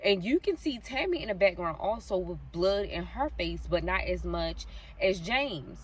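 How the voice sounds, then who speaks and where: A woman's voice: fairly low pitch, expressive, moderate pace, distant mic, a little hiss or hum. A woman vlogger casually retelling a true-crime story, chatty and talking straight to her viewers with lots of fillers. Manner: chatty, addresses viewers directly, frequent fillers like "so basically".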